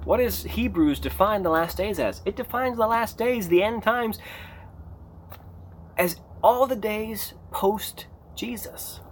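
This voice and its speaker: A man preaching an unscripted sermon, emphatic and animated, rising to near shouts on key points. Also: sits high, slow pace, a little hiss or hum. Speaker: pastor.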